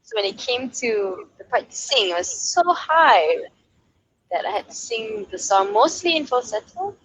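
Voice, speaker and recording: A woman's voice: fairly high pitch, normal speed, slight background noise, low-quality recording. A young woman from Malaysia, a singer-songwriter, telling a story in a casual interview and acting out quoted voices. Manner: lively, acts out quoted voices, laughs often.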